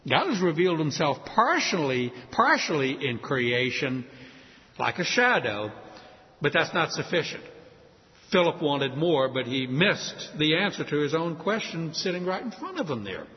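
A man preaching a sermon, animated and acting out quoted voices. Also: a little high, a little slow. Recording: muffled hall with long reverb.

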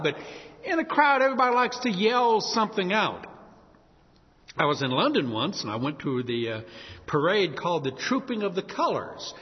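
A man from New Orleans with a New Orleans accent preaching a sermon as pastor, telling stories in a lively way and acting out shouted quotes. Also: high voice, fairly quick. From New Orleans, USA. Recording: muffled sound with long hall reverb.

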